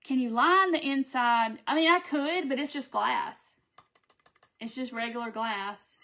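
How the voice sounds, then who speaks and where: High-voiced woman, chatty live-stream craft host, affectionate with viewers. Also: a little slow, pushed and bright. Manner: chatty and affectionate, reads viewer names aloud. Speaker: craft seller hosting a live video. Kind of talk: casual live-stream chat.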